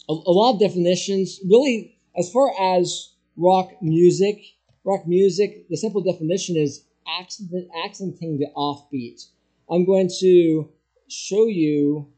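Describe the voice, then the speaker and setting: A man's voice: high-pitched, warm tone. A male pastor giving an explanatory lecture on music to a church class, with frequent restarts and spoken emphasis.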